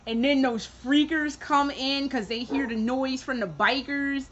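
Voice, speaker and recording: A gaming vlogger chats casually about video games, candid and sarcastic, swearing and laughing as she acts out her own reactions. Her voice is high-pitched and steady and a little slow. The lo-fi audio has a little hiss or hum.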